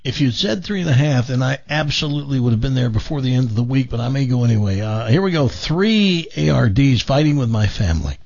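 A male radio host chats casually and steers the conversation. His voice is gravelly and the studio sound is dry, dull and lo-fi. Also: mid-range voice, animated, quick pace, hardly any pauses, darkish tone, no room sound. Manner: conversational, leads the segment.

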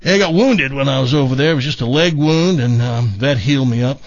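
A man's voice: mid-range voice, brisk, no room sound, close to an everyday voice. A man voicing a boastful older male talking German Shepherd who rambles matter-of-factly about his career. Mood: bragging. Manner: matter-of-fact, rambling storyteller brag. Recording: dull dry studio sound.

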